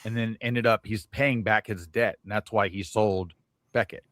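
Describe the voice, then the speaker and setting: A man co-hosting a casual livestream panel chat, talkative and quick to cut in with rebuttals. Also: on the low side, fairly even intonation, a bit bright, no room sound. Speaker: co-host.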